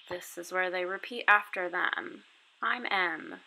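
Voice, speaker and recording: A woman's voice: lowish voice, a little slow, gravelly, sharp tone, rough recording. A woman who teaches English online, giving a chatty step-by-step walkthrough of her lessons over a screen recording. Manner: chatty, explaining step by step with casual fillers. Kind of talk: casual screen walkthrough tutorial.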